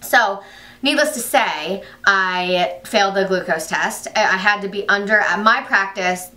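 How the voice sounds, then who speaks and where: A woman's voice: mid-range voice, unhurried, sharp tone, far from the mic. A young woman telling a story in a casual vlog, chatty and full of "like" fillers. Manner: chatty, lots of "like" fillers, quoted asides. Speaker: vlogger.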